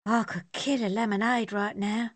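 A woman's voice: medium pitch, steady tone, normal speed, no echo, close to an everyday voice. A woman voicing a giggly, chatty young Australian nurse.

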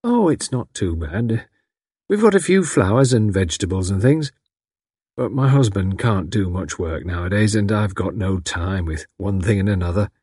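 A man's voice: fairly low pitch, expressive, normal speed, darkish tone, slightly rough, dry recording, studio quality. A man reading aloud, voicing a friendly, rambling housewife who lives in a lonely country house. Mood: chatty. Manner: rambling, homely talk. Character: friendly, chatty country housewife, a little odd.

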